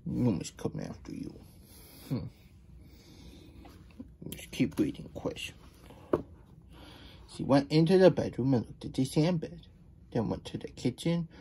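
Reading a children's picture book aloud for nap time, a man with a mid-range, dark voice and a breathy edge pauses now and then for chatty asides in which he talks about himself in the third person.

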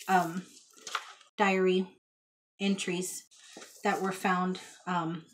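A talkative woman with a drawl rambles through a thrift haul vlog, full of folksy asides. Her voice sits at an ordinary middle pitch, and there is a faint hiss in the background. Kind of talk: casual chat to camera. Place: child's bedroom at home.

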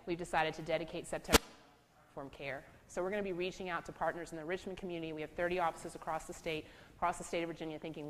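Lower-voiced woman lecturing in an echoey hall. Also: slight background noise. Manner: storytelling, animated when acting out quotes, laughs. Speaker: trauma trainer and speaker. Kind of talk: lecture to a law school audience.

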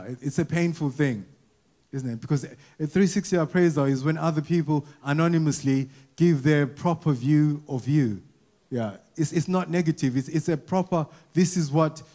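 A man with a fairly high voice preaches to a church congregation in an easy, conversational way. He restarts and repeats words often and keeps asking the people questions. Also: mellow. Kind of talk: conversational sermon. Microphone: wearing a mic.

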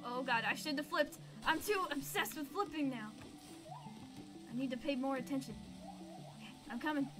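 A woman's voice: sits high, normal speed, pauses often. A young woman playing a game and chatting playfully, squealing and exclaiming as she goes. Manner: bubbly, exclaims and squeals often. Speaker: gaming video host. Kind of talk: playful gameplay commentary. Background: game music.

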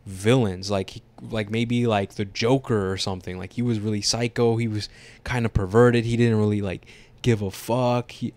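A man co-hosting a podcast, chatting casually about a movie, animated and teasing, swearing freely. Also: on the low side, normal speed, no echo. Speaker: podcast co-host. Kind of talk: casual movie review chat.

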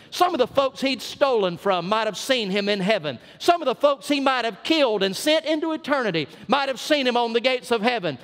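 A man's voice: extremely high pitch, expressive, fairly quick, few pauses, a bit bright. A man with a South Georgia Southern accent preaching a sermon as senior pastor, folksy and emphatic, drawing out his punch lines. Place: church sanctuary. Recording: long church reverb.

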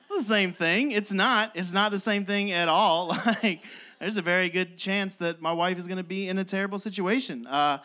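Bright, high-voiced stand-up comedian. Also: male voice, normal speed, a little hiss or hum. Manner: exasperated, self-mocking storytelling with frequent laughs. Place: comedy club stage with live audience.

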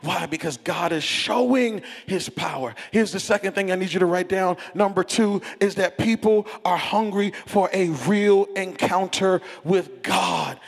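High-pitched gravelly pastor preaching in a hall. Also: male voice, unhurried, hardly any pauses. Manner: animated storytelling, building to loud preaching. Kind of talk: sermon. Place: church auditorium. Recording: reverberant church hall.

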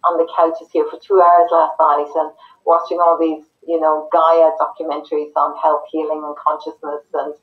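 A middle-aged woman, a parenting educator telling family stories in a warm, repetitive chatty way on a video call. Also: low-pitched, little pitch movement, moderate pace. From New Zealand. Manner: warm storytelling, repeats words for emphasis. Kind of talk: casual interview chat. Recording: tinny phone-like call line.

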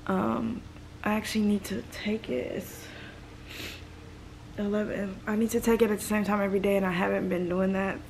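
Young woman vlogging sick, stuffy and a bit weepy, rambly, fry in her voice. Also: medium pitch, level tone, moderate pace, a little mellow, slight background noise. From Los Angeles, United States. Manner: rambling, talks in reported thoughts. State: sick and congested, emotional. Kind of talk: casual vlog talk.

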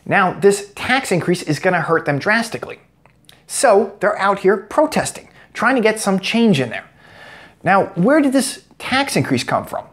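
A man's voice: high-pitched, big pitch swings, moderate pace, a bit bright. An American man giving a sarcastic, joke-filled commentary vlog as a political commentator. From United States. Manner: sarcastic, joking asides.

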